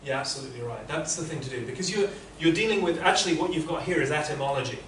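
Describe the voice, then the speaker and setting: A man's voice: fairly high pitch, racing, fairly bright tone, slight background noise. A man teaching interpreting, giving patient, explanatory feedback to students in a classroom. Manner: patient, explanatory, many restarts. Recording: echoey classroom from far off.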